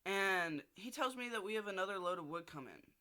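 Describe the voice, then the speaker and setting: Young guy with a bright kinda high voice, venting in his diary, cursing and rambling. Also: expressive, fairly quick. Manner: frustrated, swears often, rambling with restarts. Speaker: video diarist.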